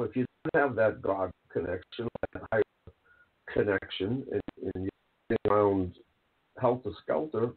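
Rambling podcast host on a phone line. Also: male voice, medium pitch, vocal fry, breathy edge. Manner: rambling, filler-heavy, earnest. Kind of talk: casual chat. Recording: phone-like narrow sound.

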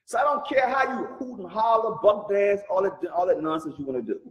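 A man's voice: sits high, big pitch swings, fairly quick, echoey room, lo-fi sound. A man leading a Bible study, speaking emphatically and firing off rhetorical questions. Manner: calls the reader brother. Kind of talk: animated religious teaching.

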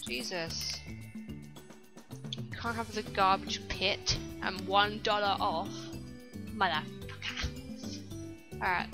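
A young woman giving casual, profane let's-play commentary, reacting loudly and insulting her own game character. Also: medium pitch, slow, pauses often, over music. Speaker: gameplay commentator.

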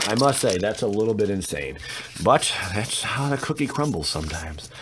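A man rambles through a casual pack-opening video with a bouncy, swooping voice and plenty of jokes. His pitch sits mid-range but leaps around a lot. A faint hiss and crinkling packaging sit behind him. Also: moderate pace. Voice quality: lively, swooping delivery. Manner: jokey, teasing, rambling asides. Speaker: YouTuber opening card packs.

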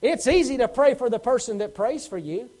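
A pastor delivers a Sunday sermon in a church sanctuary. His voice sits unusually high for a man. He presses the congregation with questions and acts out the lines of the people in his stories. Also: expressive, fairly quick, darkish tone, low-quality recording. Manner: preaching with rhetorical questions and acted quotes.

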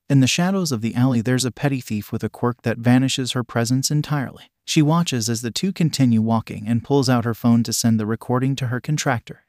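A man narrates a fan fiction story reading in an even, steady way. His pitch sits in an ordinary middle range. The sound is dry and close, with no room echo. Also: brisk, hardly any pauses.

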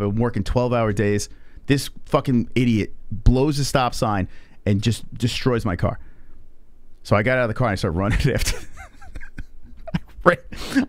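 A man's voice: mid-range voice, no echo. A man hosting a live stream, telling a story in a casual, profane way and acting out the people he quotes. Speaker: stream host.

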